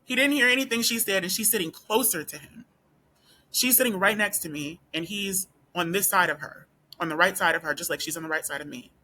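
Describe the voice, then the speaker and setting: A woman talks straight to her camera in a casual vlog, her voice bright and edged with tension. She presses her point with rhetorical questions and keeps circling back through "like" and "you know." Her voice is not deep. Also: fairly quick. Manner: emphatic, with rhetorical questions and repeated fillers. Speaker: student. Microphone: camera or phone facing speaker.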